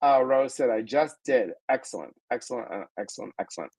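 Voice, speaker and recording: A middle-aged man with a voice of ordinary pitch chats on a live stream, playful and animated as he greets viewers. His delivery is loose and conversational, with plenty of jokes. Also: fairly quick, breathy edge, rough recording. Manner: playful, animated, reads viewer comments aloud. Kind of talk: casual live-stream chat.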